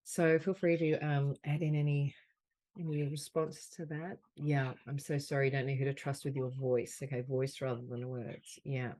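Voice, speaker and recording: A woman hosting a group healing call on a video call, slowly leading gentle repeated affirmations. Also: extremely low pitch, flat delivery. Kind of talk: guided group session.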